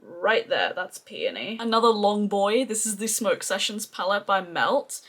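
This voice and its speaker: Australian woman, beauty vlogger, effusive, chatty, casual makeup review, mid-pitched voice. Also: animated, unhurried, a bit bright.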